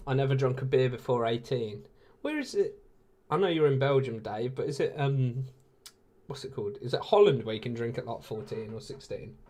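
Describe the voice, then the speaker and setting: A man's voice: mid-range voice, normal speed, mellow. A man in his late twenties with an English accent, hosting a casual live watch-along and chatting with viewers, laid-back and laughing often. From England. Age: 20s.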